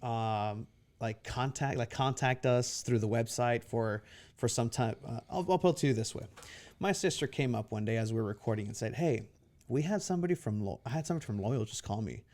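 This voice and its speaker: A man hosting a relaxed podcast interview, his voice sitting at an ordinary middle pitch. He rambles through his questions, tripping over and repeating words as he goes. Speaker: podcast host. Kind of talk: casual interview chat.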